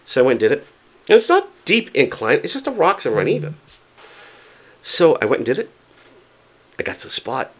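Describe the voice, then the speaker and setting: A man casually telling a story to camera, chatty and animated, often repeating himself for emphasis. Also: a little high, brisk, long pauses. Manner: excited, determined. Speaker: vlogger.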